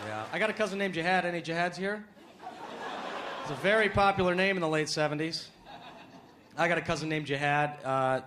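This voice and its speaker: A man from the United States performing a stand-up comedy set, with punchy delivery that climbs to shouts on punchlines, recorded live on a handheld mic. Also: fairly high pitch, slight background noise. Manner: punchy, acts out voices and rises to shouting on punchlines. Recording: live club, loud crowd and laughter.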